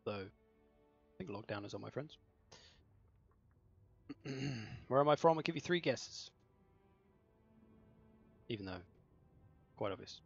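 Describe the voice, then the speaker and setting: Male streamer, wry and chatty, gravelly voice, lo-fi home mic with faint music. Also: mid-range voice, lively intonation, takes it slowly, long pauses. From southern England. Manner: joking, chatty, self-mocking. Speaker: streamer hosting a game tournament. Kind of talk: casual livestream chat.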